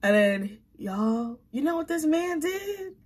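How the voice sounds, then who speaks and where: A young woman vlogger telling a story in a casual, animated way and talking straight to her viewers. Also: high voice, slow pace.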